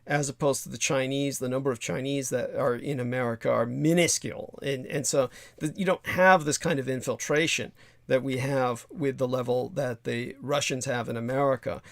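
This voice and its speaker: A man's voice: mid-range voice, fairly even intonation, normal speed, creaky, no room sound, clean studio sound. A man hosting a livestream talk show, rambling and emphatic, swearing freely as he tells a story. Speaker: show host.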